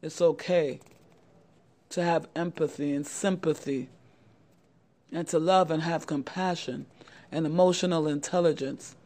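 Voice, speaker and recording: A woman's voice: low-pitched, fairly even intonation, unhurried, pauses often, dark tone. A middle-aged woman who hosts a channel, giving young men earnest, repetitive advice straight to the camera and often calling her listeners "guys". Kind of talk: motivational talk to camera.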